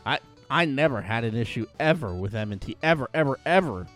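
A man co-hosting a podcast, telling stories in a profane, animated way in casual chat. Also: mid-range voice, brisk, faint music behind. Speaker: podcast co-host.

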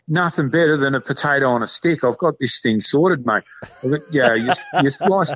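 A man with an Australian accent chatting casually as a podcast guest, rambling in a laid-back, blokey way full of slang. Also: medium pitch. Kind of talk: casual chat. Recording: dull lo-fi sound.

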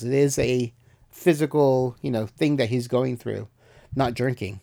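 A man's voice: mid-range voice, fairly even intonation, normal speed, gravelly, darkish tone. A man hosting a podcast, talking through a TV episode in casual, rambling chat full of fillers. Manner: rambling, many "you know" fillers. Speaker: podcast host reviewing a TV episode.

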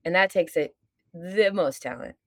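A woman's voice: on the low side, moderate pace, no room sound. A woman podcast guest and stage performer talking in casual chat, earnest, reflective and openly candid, now and then swearing.

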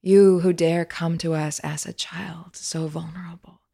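Lady doing a calm wise snake-headed spirit guy, low and gravelly, slow and quiet in a storybook.

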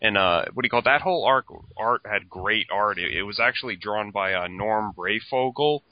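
A man's voice: on the low side, normal speed, dull audio. A man co-hosting a podcast, chatting casually and rambling, with lots of "like" and swearing. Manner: rambling, heavy use of "like", swearing. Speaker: podcast co-host. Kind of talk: casual chat.

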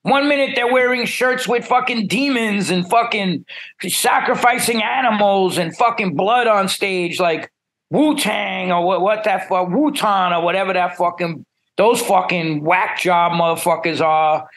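A middle-aged man, telling stories as a musician guest in a blunt, profane and animated way. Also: high voice, measured pace. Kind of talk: casual storytelling.

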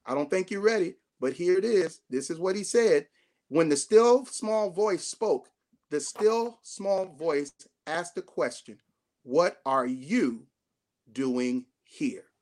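A bishop preaches with a high voice and a Southern Black way of speaking. He builds phrases up to near shouts, then sinks into soft, slow repeats so his listeners answer him. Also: expressive. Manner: call-and-response preaching, rising to shouts then dropping to hushed tones. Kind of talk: sermon.

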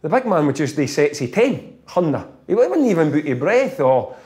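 A Scottish man with a slightly higher voice tells football stories in easy, animated chat. He laughs his way through the funny bits and keeps the tone relaxed and conversational. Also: moderate pace. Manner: animated, laughs often while telling stories. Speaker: former footballer guest. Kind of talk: casual storytelling chat.

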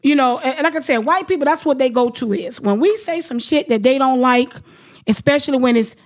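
A woman's voice: high voice, a little fast. A woman hosting a radio talk show, outspoken and profane, ranting in heated casual chat.

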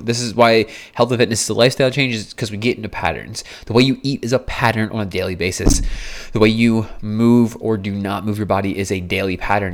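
A young man hosting a solo fitness podcast, talking bluntly with frequent swearing and restarts. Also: lowish voice. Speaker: fitness coach and podcast host. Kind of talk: casual solo podcast monologue.

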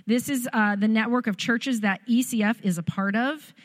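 A woman's voice: on the high side, normal speed. A woman who leads the church, casually and gratefully introducing two visiting guests. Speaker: church leader.

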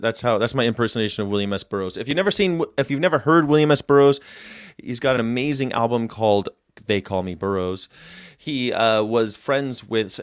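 A man's voice: medium pitch, brisk, clean tone, no room sound, clean studio sound. A man hosting a casual livestream, rambling and chatty as he reacts to viewer comments and tells history tidbits. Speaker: host.

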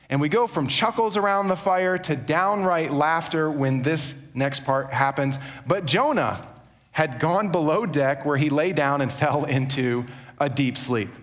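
Animated storytelling preacher in a reverberant hall. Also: male voice, a little high. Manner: storytelling, animated, acts out quotes. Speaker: pastor. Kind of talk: sermon.

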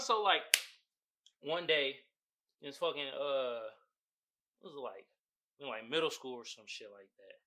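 A young man hosts his own podcast, speaking solo in a casual, profane, emphatic, slangy way. His voice is a little high, with a bright, forceful tone.

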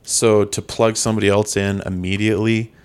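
A man co-hosting a podcast, casually explaining things in a relaxed, matter-of-fact way. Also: lowish voice, brisk, clean tone. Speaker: podcast co-host. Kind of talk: casual chat.

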